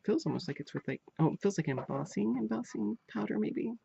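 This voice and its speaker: A woman's voice: medium pitch, expressive, fairly quick, gravelly, dark tone, a little hiss or hum. A woman vlogger chatting casually while unboxing crafts, gushing and repeating her praise. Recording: dull lo-fi home recording.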